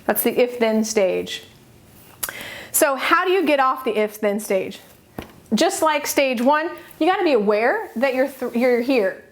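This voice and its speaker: A middle-aged woman with a slightly high voice gives a motivational teaching talk. She speaks earnestly and with emphasis. She pauses between her short phrases. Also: expressive. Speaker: self-help coach.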